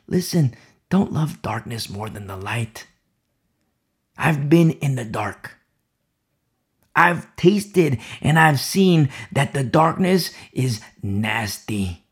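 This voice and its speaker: A man preaching a sermon with fervent, dramatic delivery that swings from loud declarations to hushed whispers. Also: mid-range voice, animated, slow, husky.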